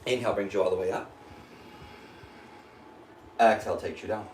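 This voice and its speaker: A man's voice: on the low side, normal speed. An American man guides a yoga flow, cueing each inhale and exhale as he moves and running a bit short of breath. His voice bounces around a roomy studio, with a faint hum underneath. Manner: calm cueing of breath and poses, breathy while moving through the flow. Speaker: yoga instructor. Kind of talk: guided yoga class cues.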